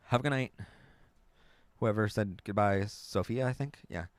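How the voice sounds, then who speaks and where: A man's voice: fairly low pitch, moderate pace, no room sound. A young adult man from the United States, hosting a casual live stream and chatting with viewers in a rambling way, laughing often. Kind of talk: casual live chat reading viewer comments.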